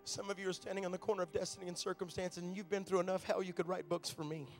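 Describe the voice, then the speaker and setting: A male pastor preaching a sermon, impassioned and building to loud fervor. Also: sits high, little pitch movement, rapid-fire, soft background music.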